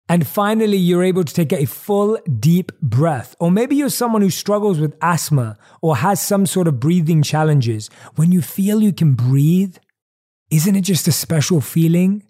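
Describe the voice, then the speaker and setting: Mellow-voiced man giving a reflective talk. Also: fairly high pitch. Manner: calm, repeats phrases for emphasis, asks the listener questions. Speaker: podcast host.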